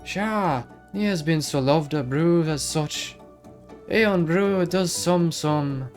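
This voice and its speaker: A man's voice: on the high side, takes it slowly, faint music behind, voice pushed up. A man voicing a bouncy, ancient female fairy in a put-on Irish accent, with dreamy, garbled, old-fashioned phrasing. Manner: lilting, garbled archaic phrasing.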